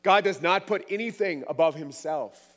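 A man's voice: a little high, moderate pace, a bit bright, long reverb tail. A man preaching a sermon, emphatic, repeating words for stress.

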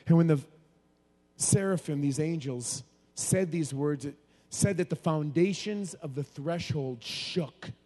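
A man's voice: on the high side, unhurried. Preaching man in a reverberant hall. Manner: animated preaching, swings from soft to loud. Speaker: pastor. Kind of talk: sermon.

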